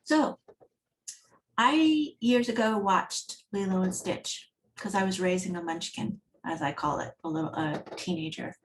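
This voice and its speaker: A woman's voice: on the low side, a little slow, a little hiss or hum. Woman giving a chatty conference talk. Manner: conversational, animated storytelling. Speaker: accessibility speaker. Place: online meetup talk.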